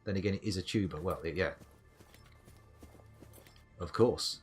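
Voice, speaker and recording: A man's voice: deep voice, unhurried, breathy edge, soft background music. Playful man narrating his game. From United Kingdom. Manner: chatty, playful, talks to game creatures and himself. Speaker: gaming streamer. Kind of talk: live gameplay commentary.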